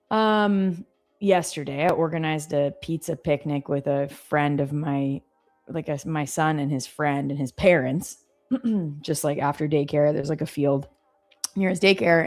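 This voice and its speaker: A woman's voice: low-pitched, normal speed, faint music behind. A woman in her thirties chatting casually as a co-host, telling stories animatedly and acting out the voices. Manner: animated storyteller, acts out voices. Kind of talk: casual chat.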